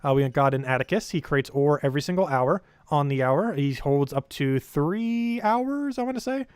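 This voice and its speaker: A man's voice: a little high, animated, moderate pace, a little mellow, clean tone, no echo, clean studio sound. A young man live-streaming a game, giving casual, rambling commentary full of filler words.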